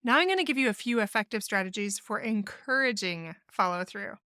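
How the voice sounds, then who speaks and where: A woman's voice: medium pitch, expressive, a little fast, sharp tone, clear, resonant tone, no echo, clean studio sound. A woman therapist hosting a solo podcast, explaining family communication in an earnest, instructive way and acting out sample phrases. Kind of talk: solo podcast advice talk.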